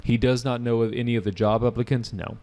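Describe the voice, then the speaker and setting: A man's voice: mid-range voice, little pitch movement, quick pace, mellow. A man teaching a live online test prep class, casual and joking as he walks through questions and answers student chat.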